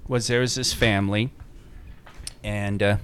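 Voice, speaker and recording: A man's voice: on the low side, fairly even intonation, unhurried, fairly bright tone, a little hiss or hum. A man chatting casually, rambling through an anecdote with quoted lines. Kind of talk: casual chat, storytelling.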